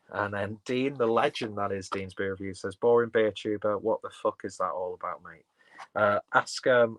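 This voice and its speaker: A man's voice: fairly low pitch, fairly bright tone. A man chatting casually on a live stream, rambling and full of fillers as he reads chat and looks at beers. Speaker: beer vlogger reading live chat.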